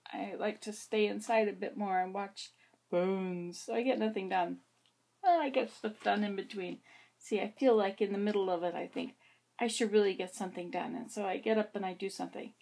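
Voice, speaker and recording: Vlogging into a mirror-like camera, a woman chats in a rambling way, now and then making asides to herself. Her voice is medium in pitch with a somewhat dark tone.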